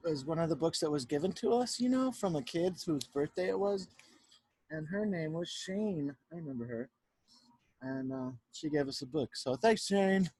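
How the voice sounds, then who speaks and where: A male teacher reading a picture book aloud to children on a home video, chatty and animated, often stopping to talk to the kids about the pictures. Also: on the high side, slightly rough, no room sound. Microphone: home video recording.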